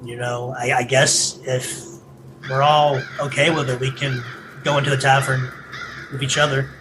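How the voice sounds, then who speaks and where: A man's voice: medium pitch, flat delivery, normal speed, background noise. A man playing a tabletop game, talking casually and hesitantly and asking questions to clarify the scene. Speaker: player.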